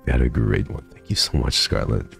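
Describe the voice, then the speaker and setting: A man's voice: rumbling low, sing-song, brisk, creaky, faint music behind. A man streaming from home, chatting casually and thanking viewers, sleepy and swearing freely. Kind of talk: casual chat reading donations.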